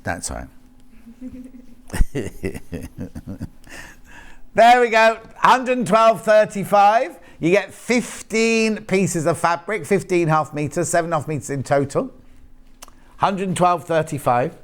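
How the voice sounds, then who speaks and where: A man's voice: high-pitched, sing-song, takes it slowly, pauses often. A man presenting on a live shopping channel, chatting and teasing while reading out prices and product codes. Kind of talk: live TV sales chat. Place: TV studio. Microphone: earpiece and studio mic.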